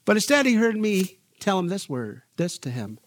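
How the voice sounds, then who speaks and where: This middle-aged man's voice sits high and moves at a normal speed as he preaches as pastor. Animated stories fill his sermon, and he performs the quoted people's voices himself.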